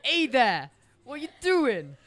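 A woman's voice: high voice, big pitch swings, slow, vocal fry, full character voice. A woman doing a brash New Yorker. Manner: loud, blunt, clumsy put-on accent. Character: brash New York lawyer.

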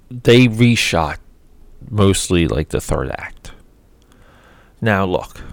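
A man with a very low voice and a rough, creaky edge talks through a movie in a casual, rambling commentary. He is opinionated and leans on fillers as he goes. The sound is dry, with no room echo. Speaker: film commentator.

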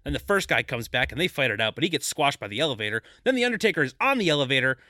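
A man co-hosting a podcast, recapping a movie plot briskly with jokey asides. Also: mid-range voice, sing-song, pushed and bright, dry recording, clean studio sound. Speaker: podcast co-host. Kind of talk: casual movie recap chat.

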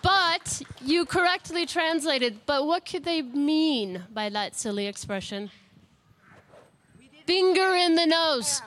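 A woman's voice: high-pitched, expressive, slow pace, fairly bright tone. A woman hosting a word game at an outdoor live radio broadcast, playful and upbeat. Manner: playful and upbeat, laughs often.

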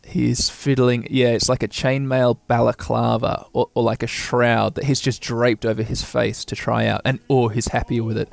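A man giving rambling, excitable live reaction commentary with lots of fillers. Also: medium pitch, moderate pace, vocal fry, hardly any pauses. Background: opera music.

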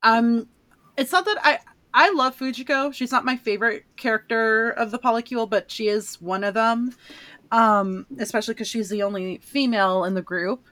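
A woman's voice: fairly high pitch, moderate pace, fairly bright tone, no room sound. A woman co-hosting a casual podcast, chatty and joking with frequent fillers. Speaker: podcast co-host.

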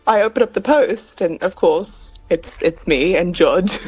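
Giggly woman guest with a breathy voice. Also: on the low side, moderate pace, soft background music. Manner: giggly, animated storytelling. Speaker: guest, cosplayer. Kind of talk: casual interview.

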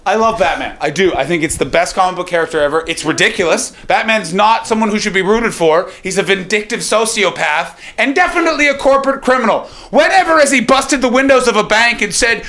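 A man's voice: sits high, fairly quick, hardly any pauses. Ranting young man doing stand-up. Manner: profane, ranting, animated. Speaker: stand-up comedian. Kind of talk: stand-up comedy.

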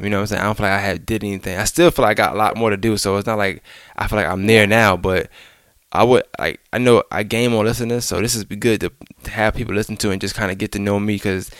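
A man's voice: fairly low pitch, a bit bright, clear, resonant tone, no room sound, studio quality. A man hosting a podcast, talking in a laid-back, casual way with loose slang. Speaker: podcast host. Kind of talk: casual chat.

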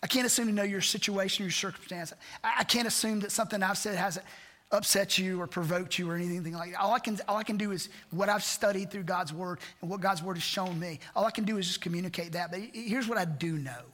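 A man's voice: high voice, quick pace, fairly bright tone. A man pastor preaching a sermon, earnest and repetitive, asking rhetorical questions. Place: church sanctuary. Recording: church hall reverb.

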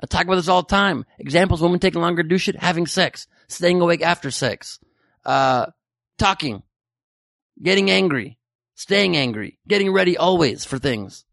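A man's voice: a little high, moderate pace, gravelly, fairly bright tone, no echo, clean studio sound. A man hosting a podcast, riffing sarcastically and profanely on news headlines. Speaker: podcast host. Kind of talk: comedic news commentary.

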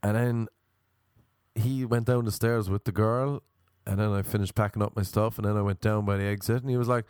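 Young guy rambling thru a funny story, lively, dry close mic. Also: fairly low pitch, brisk, clean tone, dry recording. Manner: animated, mimics people, rambling asides. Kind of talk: casual comic storytelling.

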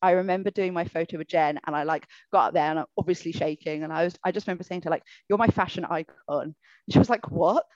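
A woman fan excitedly telling a breathless story in a casual way. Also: lowish voice, quick pace, no room sound. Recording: dull, dry lo-fi recording.

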